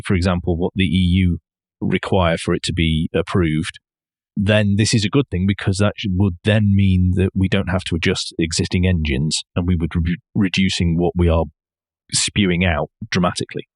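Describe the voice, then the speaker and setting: Dry-voiced man, low pitch. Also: little pitch movement, brisk, dry recording. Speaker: podcast co-host. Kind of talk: casual chat about car news.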